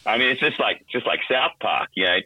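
A middle-aged voice actor in a casual interview, talking animatedly with lots of restarts. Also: male voice, medium pitch, lively intonation, a little fast, bright, forceful tone, dry recording, rough recording. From Australia. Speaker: voice actor and guest.

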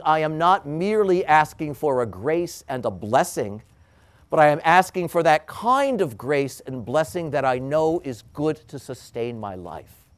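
A priest giving a homily in a slow, deliberate preaching style, rising to emphatic highs and dropping to hushed endings. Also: male voice.

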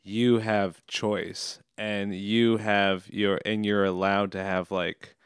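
Smooth, low-voiced man reflecting. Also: flat delivery, takes it slowly, dry recording, studio quality. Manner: reflective, thoughtful follow-ups. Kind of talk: casual conversation.

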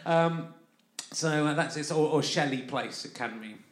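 A podcast host from London performs a live comic monologue at a festival venue, his fairly high voice moving at a measured pace. He rambles and chats, often laughing through what he says, and the recording has a roomy live feel.

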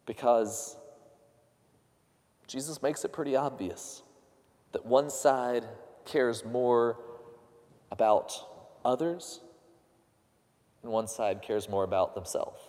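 A man's voice: slow, long pauses, dark tone. Guy preaching, earnest, voice goes up for quotes, echoey church sound. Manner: rises in pitch for quoted voices, earnest and questioning. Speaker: pastor. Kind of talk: sermon.

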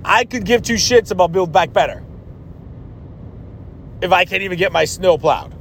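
A man's voice: high voice, animated, normal speed, gravelly, a little hiss or hum. A man hosting a podcast, delivering a blunt, profane, exasperated rant. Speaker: podcast host. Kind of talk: ranting podcast monologue.

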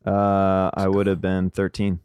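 A man's voice: deep voice, monotone, a little slow, darkish tone, clear, resonant tone. A man in his thirties from Kansas, a comedian guest talking in easygoing, casual conversation. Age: 30s.

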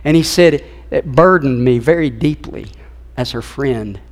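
A man's voice: medium pitch, unhurried. A man in his fifties preaching a sermon in a church, telling a personal story in an earnest, emotional way. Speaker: pastor. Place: church sanctuary.

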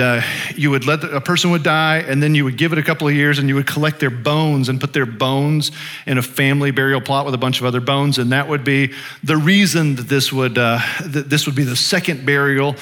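A male pastor preaches in a loose, conversational way, dotting his talk with fillers. His voice is bright and a little high, and it rings out with a long hall reverb in a church sanctuary. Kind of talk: sermon.

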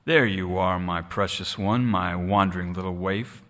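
A man voicing a loving shepherd in a storybook, speaking softly and tenderly. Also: deep voice, moderate pace. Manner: soft, tender. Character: gentle, loving male shepherd. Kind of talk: storybook character voice.

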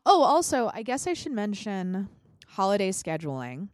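Lively, chatty woman with a stuffy voice. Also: medium pitch, normal speed, dry recording, studio quality. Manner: chatty and blunt, slips into mock voices. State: congested from a sinus infection. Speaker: podcast host. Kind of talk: solo political podcast commentary.

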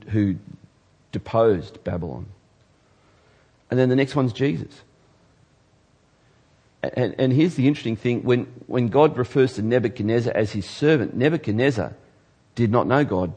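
A man's voice: mid-range voice, animated, normal speed, pauses often, breathy edge. Emphatic male preacher. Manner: emphatic, swinging from loud to hushed. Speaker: pastor. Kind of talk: sermon.

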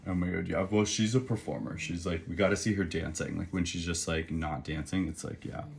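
A man's voice: low-pitched, brisk, vocal fry, a little hiss or hum. A man co-hosting a podcast in casual chat, rambling and full of fillers. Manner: rambling, filler-heavy, excitable. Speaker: podcast co-host.

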